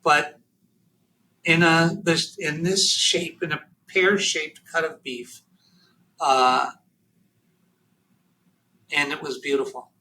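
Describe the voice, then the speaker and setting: Halting, emotional man with a bright voice. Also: on the high side, fairly even intonation, low-quality recording. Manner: halting, emotional, full of fillers and restarts. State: near tears. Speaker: podcast guest. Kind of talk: personal storytelling in an interview.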